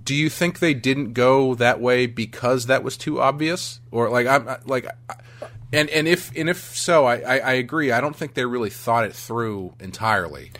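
A man's voice: medium pitch, moderate pace, fairly bright tone. A man co-hosting a podcast, chatting about a film in a casual, joking way and often restarting his sentences. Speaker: podcast co-host.

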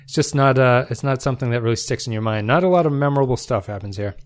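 A man with a mid-range voice talks fast while hosting a solo review podcast. His delivery is loose and conversational, full of fillers and restarts.

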